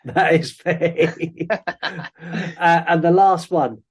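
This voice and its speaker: Man, fairly high voice, rambling podcast host who quotes film lines. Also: extremely slow. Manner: chatty, with many ums and quoted lines. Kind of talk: casual film review chat.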